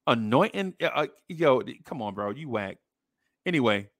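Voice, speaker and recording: Blunt, bright-voiced man ranting. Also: mid-range voice, normal speed, no room sound. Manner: blunt, mocking, animated with slang. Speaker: podcast host. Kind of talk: opinion rant to camera.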